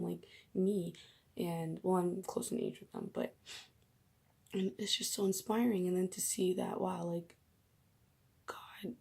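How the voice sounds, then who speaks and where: A woman's voice: on the low side, creaky, a little mellow, breathy edge. A young woman vlogging casually about her faith, emotional and gushing, often dropping into whispers.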